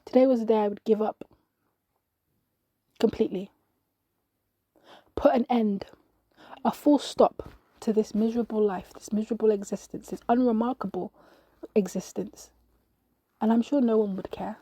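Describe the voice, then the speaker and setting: A woman reading a scripted dramatic monologue for a podcast, slow and intimate, often sinking to a whisper. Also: a little high, fairly even intonation, dark tone, slightly rough, no room sound. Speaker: podcast narrator.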